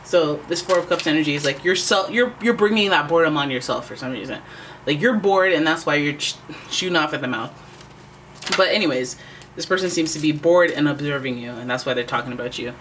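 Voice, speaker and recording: A tarot reader talking casually to the viewer, sassy and teasing, with lots of "like" and quick asides. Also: medium pitch, fairly bright tone, slight background noise, rough recording. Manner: chatty and conversational, full of "like" and asides. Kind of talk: casual tarot reading to camera.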